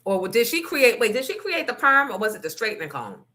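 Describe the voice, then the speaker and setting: A woman's voice: on the high side, very animated, brisk, bright, forceful tone. A woman hosting a casual podcast chat, telling frank, profane stories with asides to her listeners. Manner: candid, profane storytelling with asides to the audience. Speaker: host.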